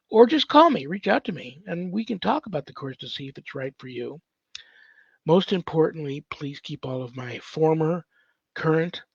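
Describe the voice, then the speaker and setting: In a dull, dry podcast recording, a male host conducts a relaxed interview, talking in a loose, chatty manner packed with filler words. He has a medium-pitched, husky voice.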